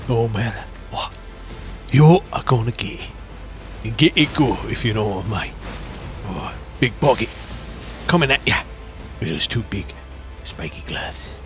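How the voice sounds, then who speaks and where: Casting: a croaky man in a put-on Cockney accent, swaggering boxer bravado over game music. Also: on the low side, fairly bright tone. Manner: swaggering, cocky boxer bravado with frequent swearing. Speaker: gaming streamer. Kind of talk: in-character gameplay commentary.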